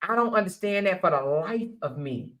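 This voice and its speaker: Blunt, animated older woman host. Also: lowish voice, normal speed. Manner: blunt, animated, preachy, laughs often. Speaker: live show host. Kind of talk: casual live-stream talk.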